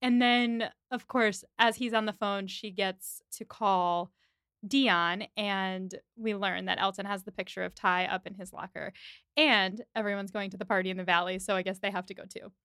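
A woman's voice: mid-range voice, normal speed, smooth, dry recording, clean studio sound. A woman co-hosting a podcast, casually recapping a movie scene by scene and acting out the characters' lines. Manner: animated retelling with quoted voices, frequent laughs. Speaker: podcast co-host. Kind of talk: casual chat recapping a film.

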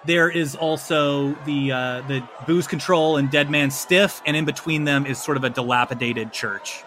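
A man narrating a tabletop game as game master, with animated, slapstick delivery. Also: a little high, normal speed, a little hiss or hum.

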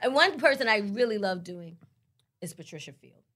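A woman's voice: medium pitch, animated, moderate pace, a bit bright, no echo, clean studio sound. A woman comedic actress chatting playfully as a guest, laughing between bits. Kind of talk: casual interview chat.

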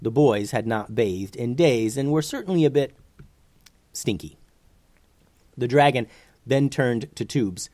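A man narrating a children's fantasy story in an expressive, animated way. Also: mid-range voice, unhurried, pauses often, dry recording.

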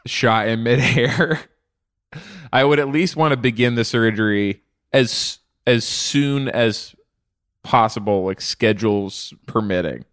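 A man co-hosting a comedy podcast, deadpan with sarcastic asides. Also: medium pitch, slow, no room sound, clean studio sound. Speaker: podcast co-host. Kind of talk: comedic banter.

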